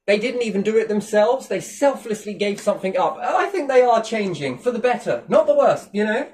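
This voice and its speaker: A man's voice: sits high, expressive, brisk, darkish tone. Sarcastic, sweary man ranting. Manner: mocking, sweary, with big sarcastic swings in tone. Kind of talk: sarcastic monologue rant.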